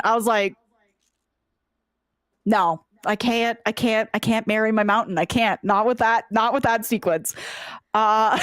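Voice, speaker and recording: A woman's voice: fairly high pitch, fairly bright tone, no echo, studio quality. A woman co-hosting a casual game review chat, animatedly retelling scenes and acting out characters' lines, swearing now and then. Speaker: podcast co-host.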